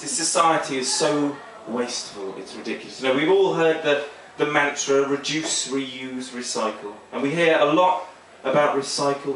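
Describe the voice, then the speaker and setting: A man doing a stand-up comedy set on a small club stage, rambling and self-deprecating with a deadpan delivery. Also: medium pitch. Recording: echoey club, mic heard from far, noisy.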